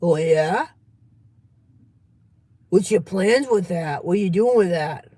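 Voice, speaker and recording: Brief: a woman playing a nosy relative, needling with questions, lower and more even than her usual voice. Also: takes it slowly, slightly rough, no room sound, exaggerated voice. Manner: nagging, probing questions. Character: prying, needling relative at a holiday dinner.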